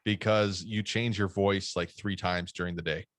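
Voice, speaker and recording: A man's voice: deep voice, steady tone, moderate pace, fairly bright tone, no echo. A man co-hosting a casual podcast chat, ribbing his friend in a dry, teasing way. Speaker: podcast co-host.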